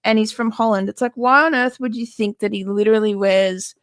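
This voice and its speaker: Quick, chatty woman, dry sound. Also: mid-range voice, steady tone, no room sound. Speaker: chat regular. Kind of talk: casual chat.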